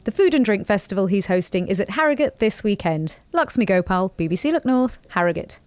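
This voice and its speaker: A woman's voice: medium pitch, no room sound. A woman reporter reading a scripted news report voice-over. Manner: lively, measured narration.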